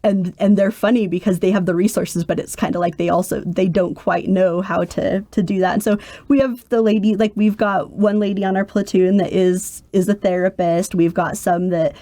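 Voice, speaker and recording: A woman's voice: medium pitch, moderate pace, few pauses, no echo. A woman in her forties, a military caregiver, talking earnestly in a podcast interview and acting out quotes as she tells stories. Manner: earnest, animated storytelling with voiced quotes.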